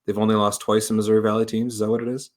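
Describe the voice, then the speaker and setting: A man's voice: lowish voice, flat delivery, rapid-fire. A man hosting a sports podcast, easygoing and chuckling, with frequent hesitant fillers. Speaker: podcast host. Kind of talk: casual chat.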